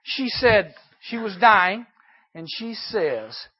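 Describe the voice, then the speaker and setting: A man preaching a sermon to youth campers, animated and emphatic, dropping suddenly to a hush. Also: high voice, takes it slowly, husky, dull audio. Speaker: youth camp speaker.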